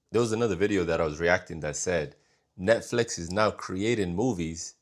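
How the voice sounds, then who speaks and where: Low-voiced man musing in reaction. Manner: musing, often trailing off quietly, repeats "that's crazy". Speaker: reaction video host. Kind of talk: casual reaction commentary.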